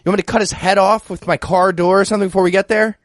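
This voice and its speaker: A man's voice: sits high, steady tone, very fast, dry recording, close to an everyday voice. A man voicing a sarcastic, put-upon male henchman in an improvised comedy skit, incredulous and mocking.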